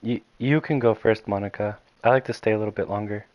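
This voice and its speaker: Brief: man playing a timid bookish girl, quiet and breathless-soft, stammering pleas, dry close sound. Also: on the low side, fairly even intonation, quick pace, dry recording, muffled recording, natural voice. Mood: anxious. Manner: hushed, pleading, stammering. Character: shy anxious young female bookworm.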